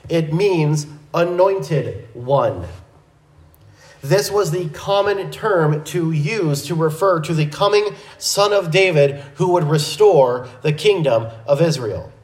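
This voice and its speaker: Slow, methodical male Bible teacher. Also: on the high side, animated, reverberant, rough recording. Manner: measured, methodical, with small restarts. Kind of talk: verse-by-verse Bible lesson.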